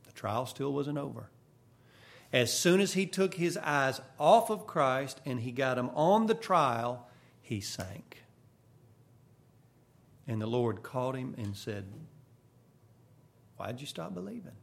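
A male preacher delivers his sermon with a gravelly edge to his voice. He speaks slowly and deliberately, earnest throughout. He swings between loud emphasis and quiet, firm lines. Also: mid-range voice, animated.

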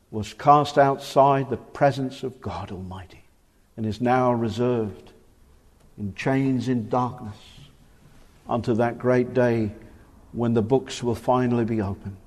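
A man's voice: mid-range voice, takes it slowly, long pauses. Fervent preacher man in an echoing hall. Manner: fervent, emphatic preaching that drops to hushed, grave tones. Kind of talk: sermon. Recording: reverberant church hall.

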